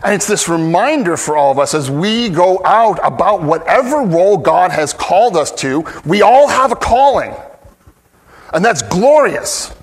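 A man with a fairly high voice preaches a sermon at an unhurried, deliberate pace. He is earnest and emphatic, often starting a phrase, breaking off and trying again. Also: lively intonation. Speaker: pastor.

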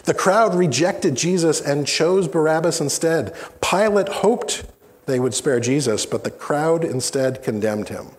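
A man preaching a sermon as pastor, slow and deliberate with dramatic pauses. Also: mid-range voice. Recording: long hall reverb.

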